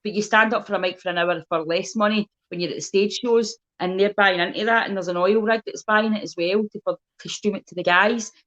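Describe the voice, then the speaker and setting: Speaking at a medium pitch and a brisk clip with barely a pause, a comedian from Scotland swaps stories as a guest in a casual chat. She's blunt, swears freely, and stays animated. The audio has its highs cut off.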